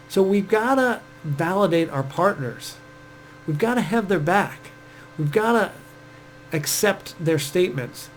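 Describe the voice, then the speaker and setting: Dating coach guy talking casually, kinda high voice, lots of "like", faint hum behind. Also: lively intonation, unhurried, long pauses, poor audio. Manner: chatty, filler-heavy, acts out quoted speech. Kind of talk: casual advice talk.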